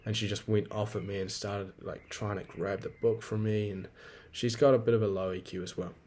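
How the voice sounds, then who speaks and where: Profane young man, low voice. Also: fairly even intonation, fairly quick, warm tone. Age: 20s. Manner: profane, rambling, venting. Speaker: podcast host. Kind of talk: casual solo podcast monologue.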